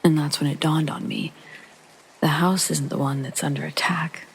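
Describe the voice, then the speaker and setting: A man hosting and narrating a true horror story in a hushed, half-whispered way, with a gravelly, husky and breathy voice. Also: fairly high pitch, fairly even intonation, normal speed, low-quality recording. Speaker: host and narrator.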